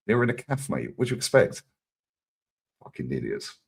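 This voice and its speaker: A man chatting on a live stream, telling stories loudly with a lot of swearing and laughter. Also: low-pitched, fairly quick, creaky, breathy edge. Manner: loud, profane, animated storytelling. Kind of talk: casual chat on a live stream.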